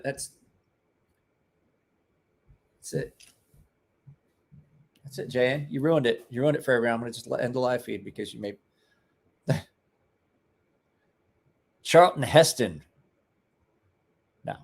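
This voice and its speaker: A man's voice: medium pitch, vocal fry. Profane rambling livestream guy. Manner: rambling, profane, joking asides to chat. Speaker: livestream host. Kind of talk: casual livestream chat.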